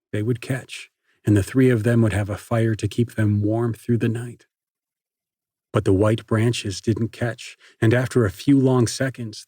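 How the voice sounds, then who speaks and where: A husky male narrator reads a novel at a steady, measured pace. His voice sits in a middle register. The recording is close and dry with no room sound. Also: mid-range voice, no room sound. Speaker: audiobook narrator. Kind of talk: scripted narration.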